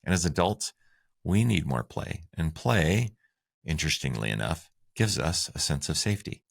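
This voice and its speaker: A man's voice: very deep voice, sing-song, moderate pace, gravelly. A man co-hosting a relationship advice talk, walking through tips with enthusiasm. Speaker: podcast co-host.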